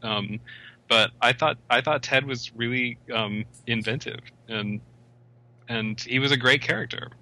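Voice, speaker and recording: A man's voice: mid-range voice, a little slow, bright, forceful tone, poor audio. A man co-hosting a casual film podcast, wry and enthusiastic, joking at his own expense. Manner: wry, enthusiastic, self-mocking. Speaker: podcast co-host.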